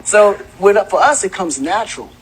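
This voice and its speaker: Relaxed man in a casual interview. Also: high-pitched, moderate pace, crowd noise, low-quality recording.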